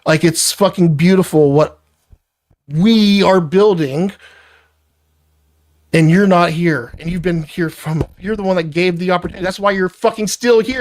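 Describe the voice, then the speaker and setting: A man's voice: sits high, no room sound. An angry man lecturing an employee in a heated work argument, swearing constantly. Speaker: business owner confronting an employee.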